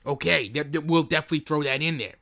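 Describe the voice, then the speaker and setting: A man puts on a sleazy producer pitching a cheap knockoff film, halting and rambling with lots of fillers. The voice sits a touch high and sounds bright and forceful. It is an improvised comedy sketch. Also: gravelly. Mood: scheming. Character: scheming male film producer, sleazy and eager.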